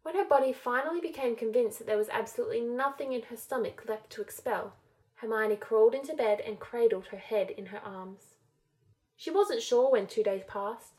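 A woman narrating a fan fiction chapter in a steady audiobook reading. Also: a little high, normal speed.

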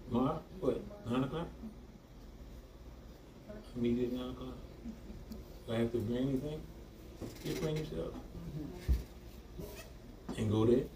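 A man's voice: mid-range voice, a little slow, long pauses. A man preaching a sermon, talking back and forth with the congregation and laughing often. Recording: echoey room from far off, noisy.

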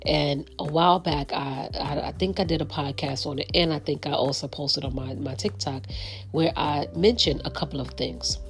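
A woman's voice: sits low, fairly even intonation, normal speed, soft background music. A middle-aged woman hosting a podcast, telling a story in a frank, emphatic way with many restarts. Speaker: podcast host. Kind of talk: casual monologue.

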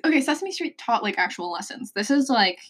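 A woman's voice: on the high side, expressive, slightly rough. Teasing young woman podcast co-host. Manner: teasing, bossy, quick to interrupt. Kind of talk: casual chat.

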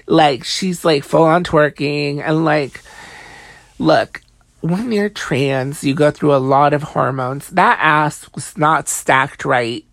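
A young woman with a gravelly, fry-heavy voice chats through a reality TV recap late at night, tired but sassy. She swears freely and fills every pause with "like". The sound is close and dry. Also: low-pitched, steady tone, no room sound. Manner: chatty, profane, heavy use of "like", sassy asides. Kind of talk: casual gossipy recap.

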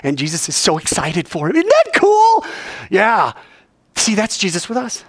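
Youth preacher, animated and playful, lively pitch. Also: male voice, normal speed, husky, dry recording, studio quality. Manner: animated, playful, acts out scenes. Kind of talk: casual sermon.

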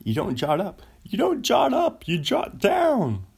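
A squeaky, yelling comedian bursts out in high, swooping lines, as a man puts him on. The voice rides far above its usual pitch and leans loud and excited. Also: unhurried, creaky, husky, heavily acted.

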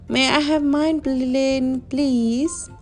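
A woman's voice: high voice, steady tone, extremely slow, faint music behind, voice pushed up, full character voice. Dewey, a woman reading as a stubborn picky little girl. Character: picky little girl who hates vegetables.

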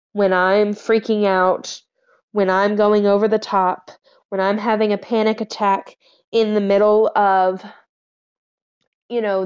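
A woman's voice: mid-range voice, dull audio. A young adult woman talking candidly to her viewers in a chatty, frank way, full of fillers and asides. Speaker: vlogger. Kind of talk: candid personal talk to camera.

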